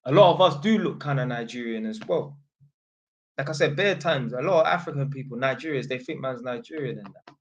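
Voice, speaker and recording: A man's voice: mid-range voice, brisk, muffled recording. A man from North London with a London accent, hosting his channel in slangy, rambling casual talk. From North London, England. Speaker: channel host. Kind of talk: casual livestream chat.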